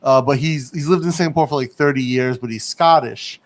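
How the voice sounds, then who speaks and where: A man's voice: medium pitch, a little fast. A man casually chatting as host of a livestream from a home studio and reading viewer comments aloud. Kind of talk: casual chat.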